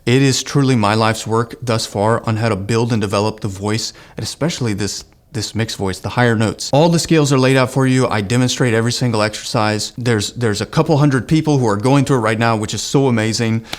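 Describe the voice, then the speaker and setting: A man in his thirties teaches singing online, in an earnest and encouraging tone with a light lilt. His speaking voice sits at an ordinary middle pitch. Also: brisk, hardly any pauses. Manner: earnest, encouraging, breaks into sung exercise demos. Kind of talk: online vocal lesson with sung demonstrations.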